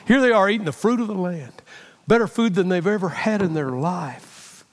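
A man's voice: high voice, expressive, normal speed, big-room sound. A middle-aged man preaching a sermon with passion, repeating phrases for emphasis. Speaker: pastor.

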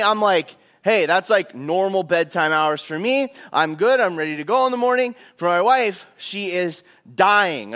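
Man, pastor, sermon story, high-pitched, animated. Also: smooth. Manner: animated, acts out quotes.

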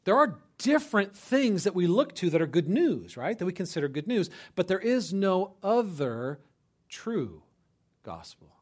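Conversational preaching man, slightly high voice. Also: measured pace. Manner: conversational, often checks in with listeners; rises to loud animated bursts for emphasis. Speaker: pastor. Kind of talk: conversational sermon.

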